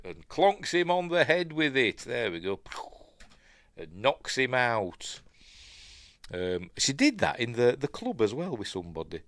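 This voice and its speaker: A man's voice: mid-range voice, a bit bright, no echo. Rambling Yorkshire man, dry close sound. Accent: Yorkshire English. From Yorkshire, England. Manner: rambling, chatty, lots of ums and uhs; mimics quoted characters playfully. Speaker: film review host. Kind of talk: casual film watch-along commentary.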